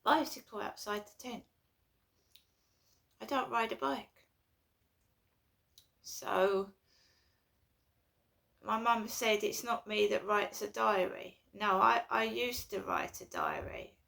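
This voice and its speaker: Anxious rambling woman, gravelly and bright. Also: medium pitch, big pitch swings, takes it slowly, pauses often. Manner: anxious, rambling, repetitive complaints. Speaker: vlogger. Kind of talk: casual personal vlog.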